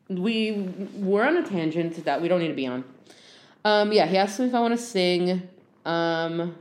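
A young woman hosting a podcast, telling a bad-date story in an animated, self-deprecating way with lots of "like" and "um". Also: fairly low pitch. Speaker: podcast host. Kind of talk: casual storytelling monologue. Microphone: handheld phone.

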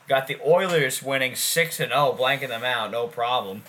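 A man's voice: mid-range voice, moderate pace, bright, forceful tone. A man co-hosting a casual sports podcast, talking loosely, swearing and repeating himself. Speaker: podcast co-host.

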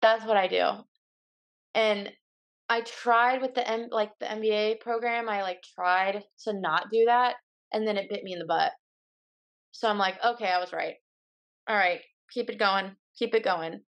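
A woman's voice: medium pitch, fairly even intonation, a little slow, dull audio. Blunt young woman in casual chat. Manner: blunt and candid, acts out quoted lines in her own voice. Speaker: podcast guest.

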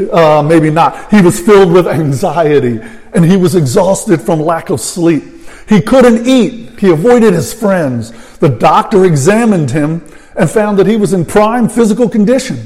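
High-voiced pastor preaching in a reverberant hall. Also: male voice, normal speed, darkish tone. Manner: conversational preaching with frequent asides. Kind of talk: sermon.

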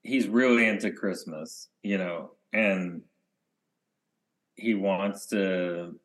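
A man co-hosting a podcast in casual chat, rambling and often trailing off into quiet mumbles. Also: low-pitched, takes it slowly. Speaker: podcast co-host.

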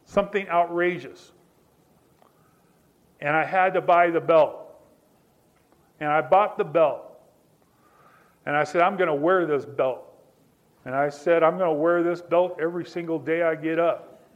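Preaching in a steady, unhurried voice on the high side, a male pastor pauses often while relating a personal story. He talks to listeners directly, builds emphasis through repeated phrases, and the sound is lo-fi.

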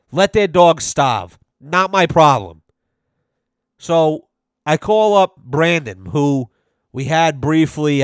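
A man's voice: on the high side, dry recording, studio quality. Blunt, swearing man hosting a podcast. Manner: blunt, swearing, animated storytelling. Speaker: podcast host. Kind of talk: casual profane podcast chat.

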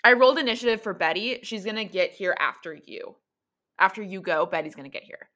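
A woman's voice: mid-range voice, lively intonation, fairly quick, pushed and bright. A woman narrating a tabletop role-playing game as game master, casual and full of fillers.

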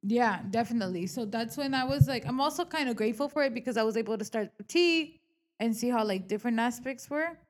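A young adult woman with a higher voice talks at a quick pace while co-hosting a casual podcast. She's a real estate agent speaking candidly and animatedly about her work, swearing often, using lots of filler words, and acting out what people said.

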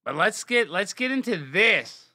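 Young male host, bright tense voice, dry close recording, sarcastic rants. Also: big pitch swings, a little slow, no echo. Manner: mocking, swings from low mutter to loud exclaims. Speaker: show host. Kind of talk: sarcastic comedic commentary.

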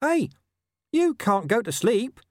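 A man voicing a scruffy small male street dog with a whining, squeaky voice in an audiobook. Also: sing-song, slow pace, dry recording, studio quality, heavily acted. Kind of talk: audiobook character voice.

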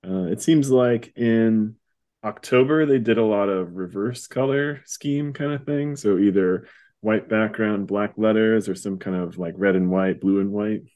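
Casting note: man, somewhat low voice, chatty and wry podcast co-host. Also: a little mellow. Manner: chatty, wry, quick bursts with small laughs. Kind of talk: casual chat.

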